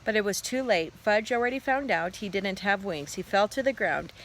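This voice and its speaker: A woman teacher in a relaxed, chatty way reading a children's book aloud outdoors. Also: mid-range voice, moderate pace, slight background noise, low-quality recording. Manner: relaxed, chatty, expressive reader.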